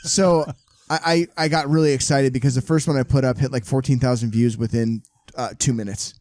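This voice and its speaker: A man's voice: mid-range voice, a little fast, dry recording. A man co-hosting a casual podcast, telling rambling, profane stories. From California. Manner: rambling, profane, animated storyteller. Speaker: podcast co-host. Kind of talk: casual chat.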